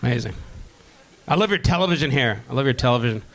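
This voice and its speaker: A man's voice: medium pitch, expressive, creaky, a bit bright. A man from Vancouver doing a profane, brash stand-up comedy set on a club stage with a handheld mic. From Vancouver, Canada. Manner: brash, profane, fast-talking.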